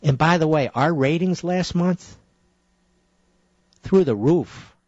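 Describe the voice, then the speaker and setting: A middle-aged man hosts a political talk radio show, combative and often rising into indignant tirades. His fairly high voice has a darkish tone and he takes it slowly, in dry, slightly dull broadcast audio.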